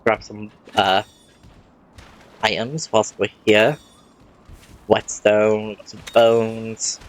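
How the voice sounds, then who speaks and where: A man's voice: lowish voice, little pitch movement, very slow. A man giving casual let's-play commentary, rambling and often correcting himself mid-sentence.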